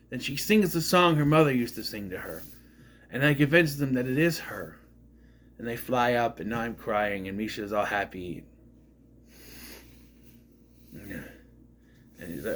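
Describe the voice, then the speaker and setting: Rambling man with lively pitch. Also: a little slow, long pauses. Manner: rambling, retells scenes acting out quotes. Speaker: movie reviewer. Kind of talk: casual spoken movie review.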